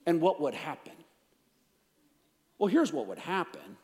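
A man preaching a sermon, emphatic, swinging between raised declarations and hushed, intense passages. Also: on the high side. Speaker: pastor. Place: church sanctuary. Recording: long reverb of a large hall.

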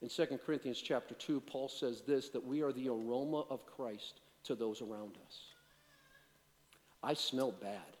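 A pastor giving a sermon, moving between loud, emphatic preaching and quiet, self-deprecating storytelling. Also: male voice, medium pitch, moderate pace, in a large hall.

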